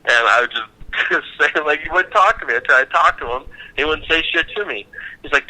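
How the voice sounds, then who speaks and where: A young man from Nebraska chatting casually on a podcast, telling animated stories and cussing freely. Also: fairly low pitch, brisk, low-quality recording. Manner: animated storytelling, acts out quotes, swears freely. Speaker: podcast co-host. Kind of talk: casual chat.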